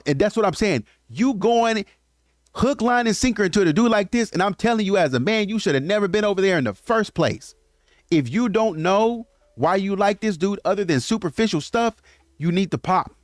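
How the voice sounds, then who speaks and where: Guy going off about dating drama, bit high pitched, dead dry mic. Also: no room sound. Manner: animated, acts out quotes of others. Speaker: host. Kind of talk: casual commentary monologue.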